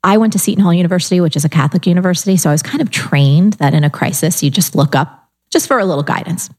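A middle-aged woman telling her life story in casual conversation, animated, acting out her own inner voice and the people she quotes. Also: lowish voice, racing.

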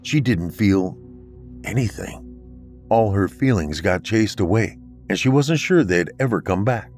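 A man narrating a scripted horror story in a measured, grave delivery. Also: lowish voice, expressive, darkish tone, faint music behind. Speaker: podcast narrator.

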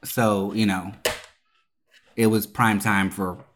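A young adult podcast co-host telling a story in a casual, profane, animated way, swearing oaths for emphasis. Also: sits low, slow pace, noisy background.

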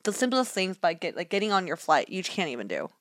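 Speaking quickly in a fairly low voice, a young woman on a podcast tells a story as part of casual chat, bringing it to life by acting out the quotes. The studio sound is clean, with no room sound at all.

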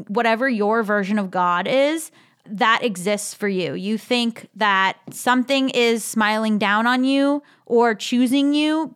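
A woman's voice: on the high side, fairly bright tone, smooth. A woman in her thirties hosting a podcast, chatting casually and reading listener emails aloud with amused laughs. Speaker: podcast host.

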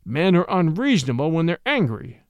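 A man's voice: fairly high pitch, big pitch swings, normal speed, smooth, no echo, muffled recording. A man reading aloud and voicing a humble, earnest scholar who pleads his case on the witness stand. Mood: pleading.

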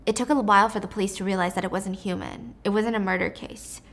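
A woman telling a dark story in a casual spoken way, with chatty asides to the listener. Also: medium pitch, fairly even intonation, fast, a little hiss or hum.

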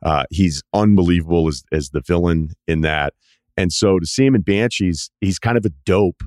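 A man hosting a podcast in casual chat, relaxed and rambling, with restarts and side remarks. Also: sits low, moderate pace, no echo, studio quality. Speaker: podcast host.

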